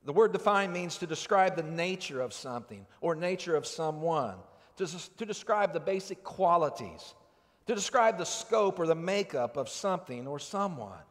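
Man, pastor, high voice, earnest conversational sermon, long church reverb. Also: expressive, normal speed. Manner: earnest, conversational preaching with rhetorical questions. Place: church sanctuary.

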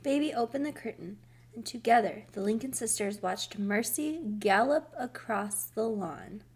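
A woman reading a children's book aloud, slow, careful and expressive. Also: a little high, slightly rough. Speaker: storybook reader.

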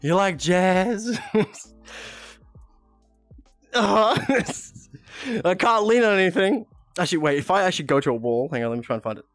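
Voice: medium pitch, moderate pace, long pauses, dry recording, soft background music. A streamer chatting casually during a VR game, giggling a lot and swearing often, speaking into a headset mic. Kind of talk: casual live-stream chat while playing a VR game.

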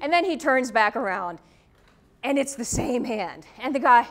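A woman's voice: on the high side, normal speed. A woman lecturer giving a university talk, telling stories and checking in with a frequent "okay?". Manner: lively anecdotal storytelling with frequent "okay?". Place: lecture hall. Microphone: tethered microphone.

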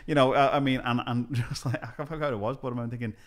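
Talking very fast in a medium-pitched voice, the Scouse comedian from Liverpool tells animated stories on a casual podcast. He performs the back-and-forth of each exchange as he goes.

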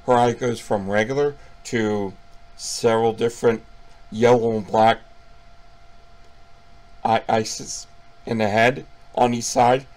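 A man with a gravelly, fry-laden voice at a middle pitch, hosting a casual horror film review. He talks in a loose, profane and playful way, recapping the story with animated asides. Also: a little slow, long pauses.

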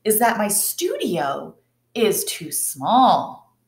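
A woman voicing a kindly, fussy female ballet teacher in a storybook read-aloud, with slow, emphatic delivery. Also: mid-range voice, very animated, darkish tone, exaggerated voice. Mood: exclaiming. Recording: roomy echo.

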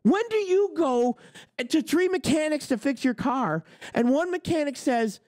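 Man, livestream rant, rhetorical questions, animated delivery, dry sound. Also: very high voice, unhurried, no room sound. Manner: argumentative, fires off rhetorical questions. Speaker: trucking business show host.

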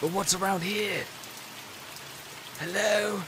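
A man's voice: high-pitched, fairly even intonation, slow, noisy background. A man doing horror game commentary, stressed and jumpy, swearing and yelping when startled, his voice breaking. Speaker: gaming streamer.

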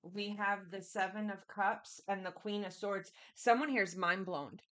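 A woman's voice: mid-range voice, a little slow, a bit bright. A woman giving a casual tarot reading, chatty and repetitive, speaking straight to the listener. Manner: chatty, repetitive, keeps addressing the listener directly. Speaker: tarot reader.

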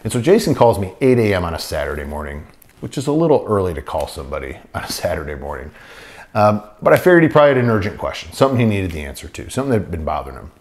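A man tells his conversion story in an earnest, meandering way, circling back and restarting his sentences as he goes. His voice sits a little low for a man, unhurried and plain. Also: sing-song, a little mellow. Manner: earnest, rambling storytelling with many fillers and restarts. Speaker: testimony speaker. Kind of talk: personal faith testimony.

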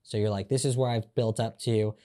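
A man's voice: fairly low pitch, fairly even intonation, a little fast, dark tone. A man hosting a podcast, reflecting on his guest's points in easy conversation. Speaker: podcast host. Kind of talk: conversational interview.

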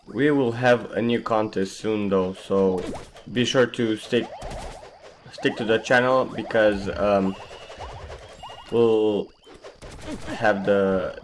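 A man hosting a casual gameplay commentary, his voice partly lost, rambling and trailing off quietly. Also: lowish voice, slight background noise. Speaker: gaming channel host.

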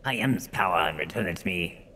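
A man voicing an ancient, ominous male ice spirit from a video game, speaking slowly and solemnly. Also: deep voice, lively intonation, pushed and bright, slight background noise, pitched below the performer's own voice. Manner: slow, solemn, drawn-out delivery. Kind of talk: gameplay dialogue read in a put-on voice.

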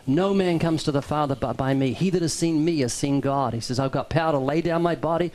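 A man's voice: a little high, brisk, a little mellow, low-quality recording. A man hosting a casual talk show, wry and joking, turning preacherly when he quotes scripture. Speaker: host.

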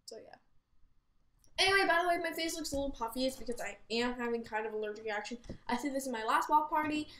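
Chatty young-sounding woman with a high voice. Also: fast talker, slight background noise. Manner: chatty, rambling, giggly, exclaims loudly. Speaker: gaming channel host. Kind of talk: casual gameplay commentary. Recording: roomy echo.

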